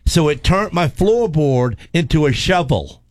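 A man's voice: on the high side, animated, measured pace, no echo. Male storyteller, rambling and repetitive, dry close sound. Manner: rambling storyteller, repeats words, laughs. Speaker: race car driver telling stories. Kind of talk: casual chat.

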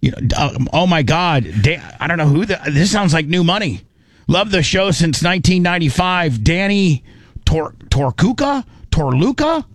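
Rambling and stammering, a man hosts a radio show in his studio, his casual banter turning emotional. His voice is fairly high, his speed normal, and the studio mic picks up no room sound.

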